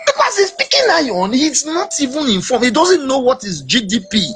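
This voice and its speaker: A man with a Nigerian accent in casual political chat, emphatic and animated, slipping into Pidgin. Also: very high voice, moderate pace, husky. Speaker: podcast host.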